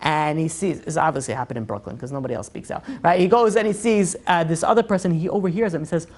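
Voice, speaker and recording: A rabbi giving an animated, chatty class to a live group, with lots of "you know". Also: male voice, on the high side, fast. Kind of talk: lively lecture to a live group.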